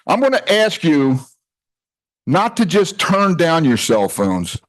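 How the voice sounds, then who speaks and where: Speaking slowly in a slightly high, sing-song voice, an older man gives a rambling, jokey talk at a retreat house hall. He chats loosely, breaks off mid-thought and often strays from his point.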